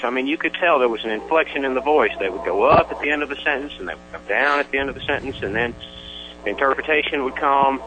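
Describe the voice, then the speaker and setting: Older man calling in, halting and bright. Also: mid-range voice, slight background noise, rough recording. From Tennessee. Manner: halting, with many pauses and restarts. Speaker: caller. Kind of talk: call-in radio chat.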